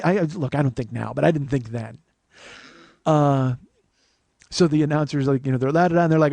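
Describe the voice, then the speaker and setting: A man in his forties telling a long personal story as host, profane, animated and self-mocking. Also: fairly high pitch, a little fast, creaky, long pauses, dry recording. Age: 40s. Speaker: podcast host.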